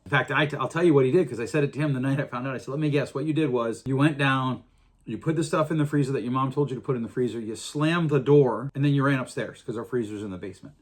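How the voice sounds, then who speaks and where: A man's voice: medium pitch, breathy edge. A middle-aged man hosting a podcast, talking earnestly in a casual monologue with frequent restarts. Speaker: podcast host.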